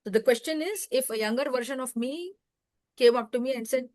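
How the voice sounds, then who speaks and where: A middle-aged woman with a fairly high voice answers interview questions, earnest and unhurried. Her advice comes in measured phrases broken by small pauses. The recording is close and dry. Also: darkish tone, no room sound. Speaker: podcast guest.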